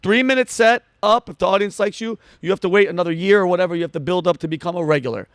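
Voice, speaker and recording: Comedian guy talking fast and hyped, kinda high voice, dry sound. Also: smooth, dry recording. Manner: fast, excitable, acts out quotes with shouts. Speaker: comedian guest. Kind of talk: animated storytelling in conversation.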